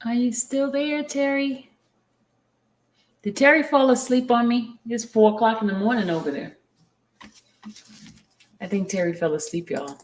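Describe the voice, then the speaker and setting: A woman's voice: fairly high pitch, measured pace, pauses often. A woman hosting a casual live stream from home, chatting and calling viewers into the conversation. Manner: chatty, teasing, calls out to viewers. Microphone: headphones with mic. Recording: roomy echo.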